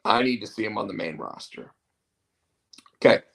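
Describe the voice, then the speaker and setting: A man's voice: lowish voice, normal speed, gravelly, a bit bright. A man hosting a show, chatting casually in a rambling, opinionated way. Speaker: show host. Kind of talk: casual wrestling chat.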